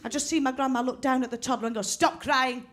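High-voiced woman doing stand-up. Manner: deadpan punchlines, quick character voices. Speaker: stand-up comedian. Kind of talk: stand-up comedy routine. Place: comedy venue with live audience. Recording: live audience laughter, stage mic.

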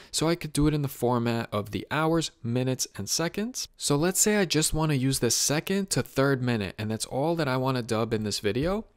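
Male tutorial host, easygoing step-by-step explainer, average pitch, dry close sound. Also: no echo. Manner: relaxed, chatty step-by-step explaining. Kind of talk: casual software walkthrough.

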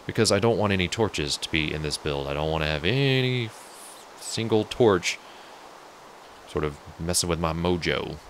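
Gamer host, male, low gravelly voice, laid-back jokey commentary while building. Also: expressive, fairly quick, few pauses, fairly bright tone, a little hiss or hum. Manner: chatty, jokey, talks to viewers. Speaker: let's play host. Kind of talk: casual gameplay commentary.

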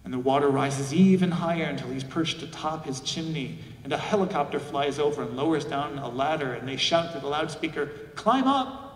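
A male pastor preaches a reflective sermon in a large church sanctuary, his higher-pitched voice steady, brisk and nearly pause-free. He poses rhetorical questions and acts out quoted voices, recorded from far off in the echoey hall.

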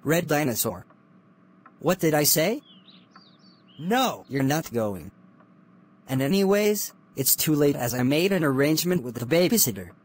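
Brief: man doing a bossy dad dinosaur, scolding, slightly high voice. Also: big pitch swings, measured pace, long pauses, breathy edge, exaggerated voice. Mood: stern. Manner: stern, scolding. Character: strict father dinosaur, stern, bossy.

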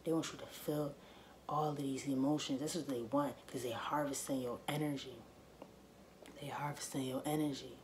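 A woman's voice: a bass voice, fairly even intonation, normal speed, darkish tone, a little hiss or hum. A woman vlogger in a casual to-camera monologue, speaking emphatically and repeating her points straight to her viewers.

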